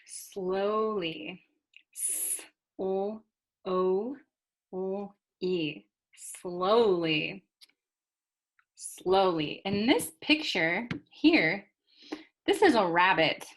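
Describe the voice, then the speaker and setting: A woman with a medium-pitched, animated voice teaches English vocabulary to learners. She goes slowly and deliberately, modeling each word and spelling it out.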